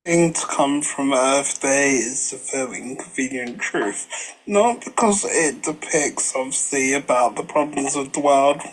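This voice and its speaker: A man's voice: mid-range voice, poor audio. A man co-hosting a live podcast, rambling casually and stretching certain words out for effect. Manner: rambling, drawn-out emphasis on single words. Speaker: podcast co-host. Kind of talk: casual live-show banter.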